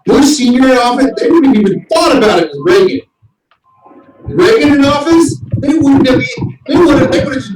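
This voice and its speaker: A man hosting a casual group chat, telling animated stories and shouting out the lines he quotes. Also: very high-pitched, moderate pace, background noise. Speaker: host. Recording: distant mic in echoey room.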